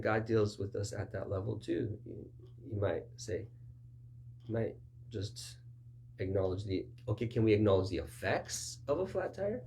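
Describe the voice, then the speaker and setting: A man gives a relaxed, conversational sermon in a lowish voice. He keeps slipping into short acted dialogues, lifting his pitch for the other side. A faint hum sits underneath the recording. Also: vocal fry. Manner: conversational, acts out both sides of dialogues with raised pitch. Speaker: pastor.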